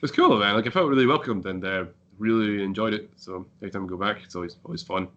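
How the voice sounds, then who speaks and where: A man's voice: fairly low pitch, fast, sharp tone, highs cut off. A Scottish man, a band member, telling rambling stories in casual chat and swearing freely. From Scotland.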